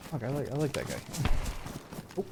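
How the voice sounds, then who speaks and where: A man streaming a survival game, giving live commentary with excitable, profane, joking banter. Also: medium pitch, a little fast, creaky, heavy background noise.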